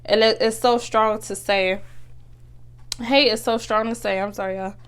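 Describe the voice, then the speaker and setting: A woman's voice: on the high side, fairly even intonation, normal speed, fairly bright tone, clean tone. A young woman, hosting a casual motivational talk, chatty and earnest with many fillers and restarts. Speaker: podcast host.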